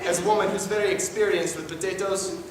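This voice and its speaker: A man in falsetto playing a doting, fussy mother obsessed with potatoes in an improv comedy scene. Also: fairly even intonation, fast, heavy background noise, close to an everyday voice. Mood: puzzled. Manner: high falsetto, dramatic and earnest. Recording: echoey room from far off, live stage.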